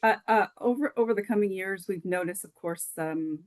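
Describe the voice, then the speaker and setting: A woman's voice: medium pitch, brisk. A woman on town staff answering councillors politely, with many fillers, in a council meeting. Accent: Canadian. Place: council chamber.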